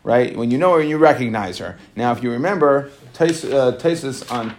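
A man teaching a Talmud class, reading passages aloud and explaining them in relaxed English with frequent "right?" and "okay". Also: medium pitch, slight background noise. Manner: reads Aramaic quickly, then explains in casual English with many "right?" and "okay".

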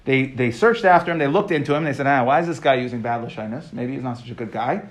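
A man teaching a Talmud class, reading each line and explaining it in casual, lively talk with modern asides. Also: mid-range voice, quick pace. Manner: reads each phrase, then explains it casually.

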